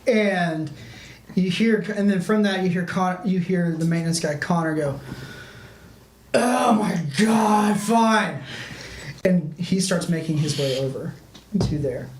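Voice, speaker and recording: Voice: medium pitch, steady tone, moderate pace, darkish tone. Casual, meandering game master narration; roomy room echo, faint noise underneath. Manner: loose, rambling narration with frequent restarts and "like".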